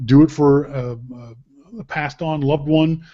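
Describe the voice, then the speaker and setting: A fairly high-voiced man hosts a casual gift-guide chat, spinning jokey stories with lively energy. The audio is a bit dull and lo-fi. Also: unhurried. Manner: joking, animated storyteller. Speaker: podcast host.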